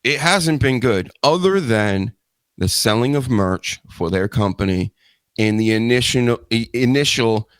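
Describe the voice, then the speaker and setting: A man's voice: mid-range voice, animated, measured pace, no room sound. A man hosting a live wrestling news show, talking in a rambling, joking way with self-mocking asides. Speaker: host.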